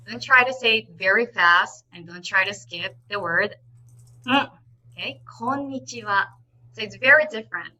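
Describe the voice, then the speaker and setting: Bright-voiced woman teaching a language. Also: on the high side, low-quality recording. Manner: models each word slowly and repeats it clearly; instructive and encouraging, often says "okay". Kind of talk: live online lesson.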